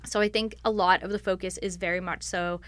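A woman's voice: on the low side, fairly even intonation, a little fast, a bit bright, dry recording. A woman on staff answering interview questions in a thoughtful, explanatory way, often using "like" as a filler. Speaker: library staff member.

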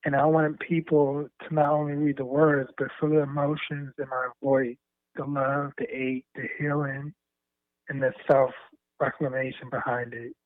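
A man, a spoken word poet, answering interview questions in a slow, earnest, reflective way. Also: medium pitch, little pitch movement, dry recording. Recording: tinny phone line.

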